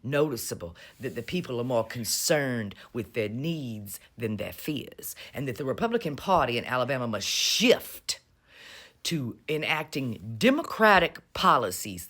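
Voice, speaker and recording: A woman's voice: very deep voice, fairly bright tone. A woman giving casual, sarcastic political commentary in a mocking, drawling manner. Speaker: vlogger.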